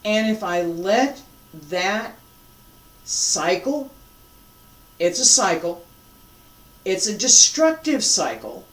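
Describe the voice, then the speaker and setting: Qigong instructor, even mid pitch, unhurried guided breathing cues with chatty asides; roomy, off-mic sound. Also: far from the mic. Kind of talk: guided breathing lesson with reflective talk.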